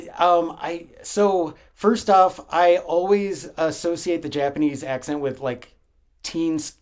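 A man's voice: a little high, steady tone, measured pace, a little mellow. A young man co-hosting a casual podcast chat, often stammering, repeating words and laughing. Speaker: podcast co-host.

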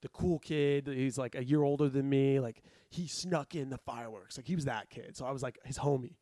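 A young man telling a story in casual chat, animated and laughing often as he acts out quotes. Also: medium pitch, a little fast, dry recording, studio quality. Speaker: podcast co-host.

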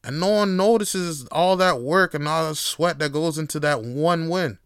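A man's voice: fairly high pitch, moderate pace, clean tone, no echo, clean studio sound. A man hosting his own show, talking in a loose, profane solo monologue with laughing asides. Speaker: host.

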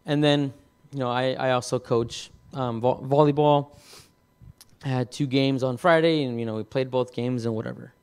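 A man preaching, telling a personal story in a halting way, with many repeated words and restarts. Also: medium pitch, fairly even intonation, darkish tone, smooth. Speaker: pastor. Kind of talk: sermon testimony.

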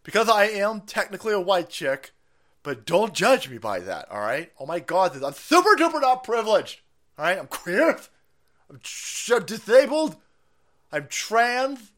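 A man hosting a stream, ranting in a foul-mouthed, mocking way, often laughing and jumping up in pitch when excited. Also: a little slow. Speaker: streamer and host. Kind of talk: profane ranting commentary stream.

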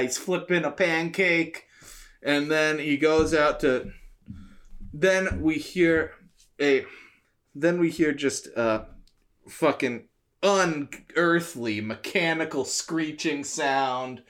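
A man co-hosting a podcast, rambling through a movie pitch with many fillers and some swearing. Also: takes it slowly, fairly bright tone. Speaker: podcast co-host. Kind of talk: casual chat.

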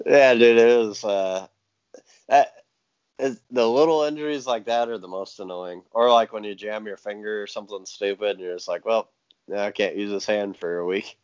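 A man hosting a casual chat, laid-back and quick to laugh. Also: lowish voice, steady tone, a little mellow, clear, resonant tone, no echo, dull audio. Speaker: podcast host and jiu-jitsu video maker.

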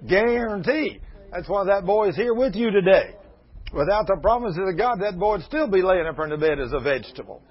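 Older preacher, husky high voice, folksy storyteller, dull lo-fi radio sound. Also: male voice. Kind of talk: sermon.

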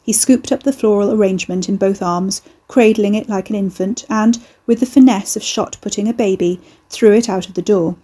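Woman audiobook narrator, steady and even, mellow with a husky edge. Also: medium pitch, normal speed, few pauses. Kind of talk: scripted narration.

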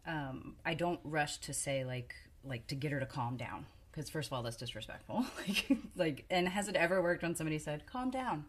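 A woman's voice: sits low, fairly quick, hardly any pauses. A young adult woman co-hosting a casual parenting talk, chatty and hedging as she shares what works with her daughter. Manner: chatty, hedging, many fillers and laughs. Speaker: podcast co-host.

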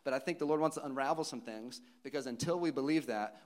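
Guy in his 30s preaching, lively, laughs a lot, goes real soft sometimes, church. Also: fast. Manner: animated, laughing often, dropping to soft near-whisper lows. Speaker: pastor. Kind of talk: sermon.

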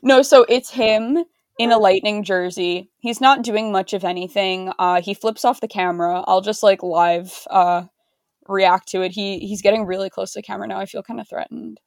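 A woman's voice: medium pitch, fairly even intonation, moderate pace, creaky, no room sound, studio quality. A woman co-hosting a podcast, wry and sarcastic, who often laughs. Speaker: podcast co-host. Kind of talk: casual chat.

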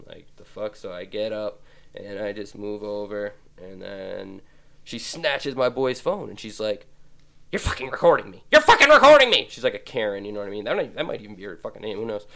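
Brief: young male podcast host, low gravelly voice, loose and foul-mouthed, laughs through his own anecdotes. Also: moderate pace. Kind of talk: rambling comic storytelling.

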